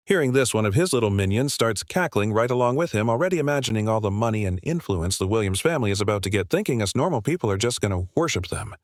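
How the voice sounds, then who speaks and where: A man's voice: mid-range voice, expressive, fast talker, few pauses, no room sound, clean studio sound. A man narrating a scripted story recap in a breathless, gossipy style full of slang.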